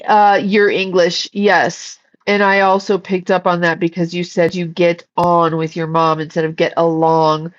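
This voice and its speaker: A woman's voice: on the low side, little pitch movement, unhurried, hardly any pauses, dull audio. A woman hosting a casual livestream, chatting and giggling as she reads viewer comments. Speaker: psychic livestream host.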